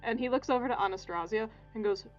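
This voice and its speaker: A woman playing a tabletop role-playing game, describing her character's actions in a casual, halting way. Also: fairly high pitch, highs cut off, faint music behind. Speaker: player.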